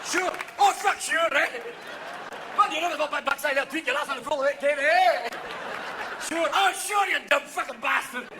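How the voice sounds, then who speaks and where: A man's voice: very high voice, moderate pace, crowd noise, voice pushed up. A man voicing a rowdy drunk Scotsman with a thick, mumbled Scottish accent, at a live show. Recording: live show, loud audience noise.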